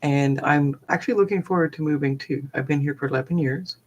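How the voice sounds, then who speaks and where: Low-voiced middle-aged woman rambling. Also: fairly quick, husky. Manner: chatty, heavy with fillers like "like" and "um". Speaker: live streamer and forest therapy guide. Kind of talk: rambling personal storytelling.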